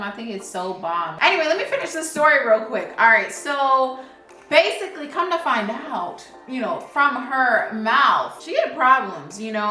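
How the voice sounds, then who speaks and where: Woman vlogger, casual storyteller, bright voice, echoey room with faint music. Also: mid-range voice. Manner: casual and animated, often addressing viewers directly. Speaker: beauty vlogger. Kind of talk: chatty get-ready-with-me storytelling. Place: indoors, doing makeup on camera.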